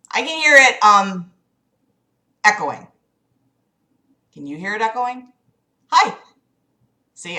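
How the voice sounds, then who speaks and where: A woman with a fairly low, bright, forceful voice runs a casual livestream from a room in her home. Exasperated and apologetic, she talks with her viewers and swears a lot.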